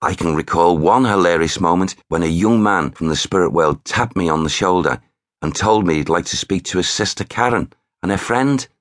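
A man narrating his own memoir audiobook in a measured storytelling manner. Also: low voice, dry recording, clean studio sound. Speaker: author and narrator.

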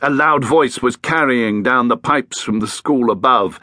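A man narrating a children's audiobook in an expressive, animated reading style. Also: medium pitch, unhurried, hardly any pauses, no echo, clean studio sound.

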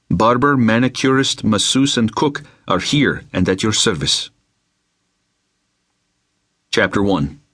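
A man reading an unabridged novel aloud, with measured, dramatic storytelling into a close mic. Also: fairly low pitch, fairly bright tone, dry recording. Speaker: audiobook narrator. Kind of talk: scripted narration.

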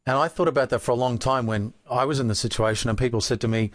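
An Australian man of middle pitch talks through feelings like a self-help coach. His delivery is earnest and explanatory, and he keeps stopping to ask rhetorical questions. The sound is dry and close, with no room echo. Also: fast talker.

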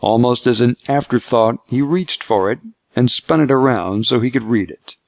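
A man reading scripted narration for an audiobook in a measured, steady way. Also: mid-range voice, vocal fry, no room sound.

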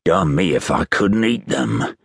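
A gruff, menacing convict growls threats in coarse rural dialect, as a man reads him aloud. The voice sits very low with lively swings when the threats swell. Close, dry recording. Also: a little slow, dry recording, exaggerated voice. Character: menacing ragged escaped convict, rough and threatening.

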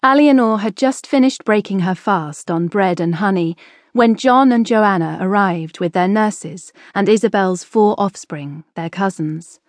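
A woman narrating a historical novel audiobook in a measured, expressive storytelling manner. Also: mid-range voice, dry recording, clean studio sound.

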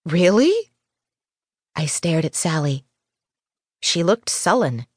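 A woman reading a first-person mystery audiobook in a measured, even storytelling manner on a studio microphone. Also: fairly low pitch, no room sound. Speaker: audiobook narrator.

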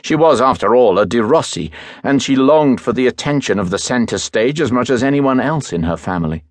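A man reading an audiobook as narrator, in a measured, even storytelling manner, close to a studio microphone. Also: mid-range voice, no room sound. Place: recording studio.

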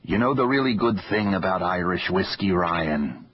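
A man's voice: sits low, lively intonation, moderate pace, muffled recording, a little hiss or hum. A man voicing a dying old father who is wry and stubborn, in an audiobook.

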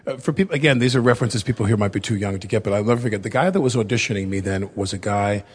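A man in his fifties with a raspy voice, talking candidly and rambling a little as a guest in a studio interview. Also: lowish voice, racing. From United States. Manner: rambling, many fillers and self-corrections. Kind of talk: candid conversational storytelling.

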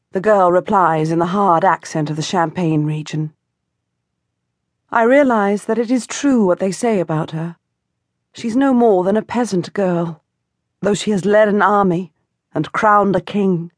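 A woman narrating a historical novel in first person, measured and expressive, close to the mic. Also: medium pitch, no echo. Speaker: audiobook narrator. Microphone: close studio mic.

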